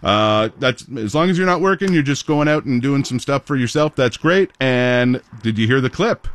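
A man's voice: medium pitch, expressive, normal speed. A man hosting a radio morning show, chatting with callers in a jokey, casual way from a studio.

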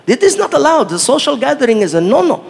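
A man's voice: extremely high pitch, sing-song, quick pace, creaky, long reverb tail, a little hiss or hum, pitched above the performer's own voice, exaggerated voice. A man playing a chatty male driver who patiently explains the local rules, in a stand-up bit. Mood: explaining.

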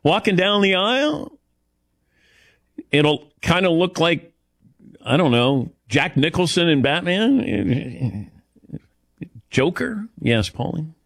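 A middle-aged man hosts a call-in talk show, his pitch swinging widely as he rambles and pokes fun at himself. The sound is dry and close, with little room around his voice. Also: slow, pauses often, no room sound. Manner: self-deprecating, rambling, animated. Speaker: radio show host. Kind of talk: casual call-in chat.

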